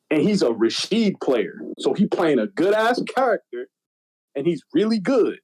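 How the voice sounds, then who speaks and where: A young man in casual podcast chat, telling stories in an animated, slangy, profane way. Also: on the high side, moderate pace, breathy edge, poor audio. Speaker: podcast guest.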